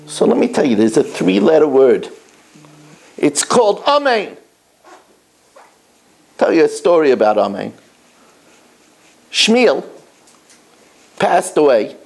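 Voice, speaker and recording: A high, lively male voice that swoops up and down as a middle-aged rabbi preaches to schoolboys. He tells stories and repeats his points for emphasis. His words come slowly, with a gravelly edge. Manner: animated storytelling, emphatic repetition. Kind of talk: sermon to schoolboys.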